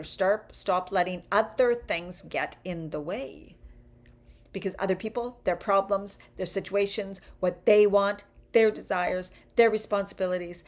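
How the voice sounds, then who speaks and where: A woman in her fifties giving an encouraging, conversational motivational talk as a life coach, often checking in with "right?". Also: medium pitch.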